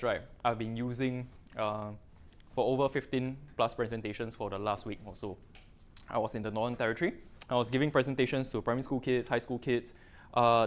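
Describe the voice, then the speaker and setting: A middle-aged man with a Singaporean English accent presents a technical talk to a room. He speaks loosely, with frequent fillers and local particles, in a mid-range pitch. His delivery sounds like a relaxed guest lecture.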